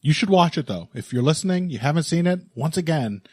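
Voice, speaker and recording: A man's voice: a little high, expressive, brisk, slightly rough, dry recording, clean studio sound. A man co-hosting a combat sports podcast in casual chat, wry and laughing often, with plenty of fillers. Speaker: podcast co-host.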